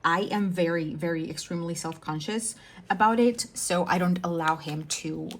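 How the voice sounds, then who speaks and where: A young adult woman with a slightly low voice chats casually while she works on a craft project. She rambles from thought to thought and often stops to correct herself, in the easy tone of a channel host. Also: moderate pace. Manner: rambling, self-correcting, chatty. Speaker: diamond painting channel host.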